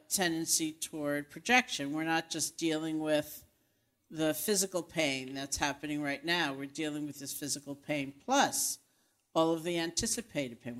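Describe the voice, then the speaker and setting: Man with a higher voice, calm and reflective, giving unhurried advice with fillers.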